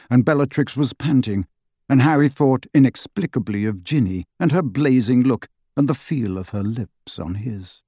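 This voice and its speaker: Male audiobook narrator, measured dramatic read, mid pitch, dry close sound. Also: dark tone, no room sound. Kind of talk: scripted narration.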